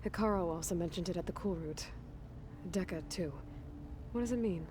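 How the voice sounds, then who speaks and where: A woman's voice: on the low side, moderate pace, noisy background, natural voice. An actress playing a determined young woman hunter and leader in a video game, speaking in a direct, plain way. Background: game music.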